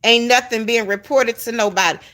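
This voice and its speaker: A woman's voice: fairly high pitch, steady tone, fairly quick, fairly bright tone. A woman giving casual livestream commentary, talking straight to her viewers and breaking into fits of laughter. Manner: addresses viewers as y'all. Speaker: online commentator.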